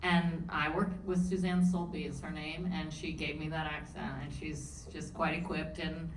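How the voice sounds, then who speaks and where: A woman's voice: low-pitched, normal speed. A woman from New Orleans with a Southern accent, an actress telling stories at a panel Q&A with lots of laughter. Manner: animated, laughing storyteller. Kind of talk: panel Q&A chat. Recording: roomy hall, distant mic, faint noise.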